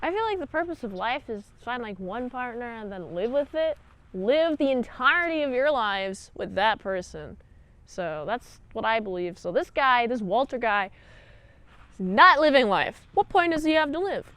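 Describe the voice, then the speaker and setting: A chatty woman reviewer talks through an episode in a loose, rambling way, full of asides and silly jokes. Her voice is fairly high and animated, with a close, dry sound. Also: normal speed, clean tone, no echo. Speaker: show host, episode reviewer. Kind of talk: casual recap and review.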